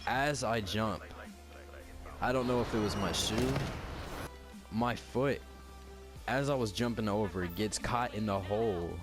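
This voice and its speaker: Young male vlogger, lowish voice, animated and profane, loose storytelling over music. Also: a little slow, pauses often. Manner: animated, heavy swearing and slang. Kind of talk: casual storytelling. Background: background music.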